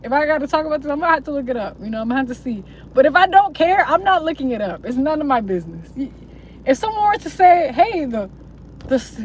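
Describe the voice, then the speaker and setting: A woman's voice: high-pitched, expressive, quick pace, slight background noise, low-quality recording. A young woman live streaming, chatting casually to her viewers in a rambling, slangy way with plenty of swearing. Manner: rambling, slangy and profane, mocking voices. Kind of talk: casual livestream chat to viewers.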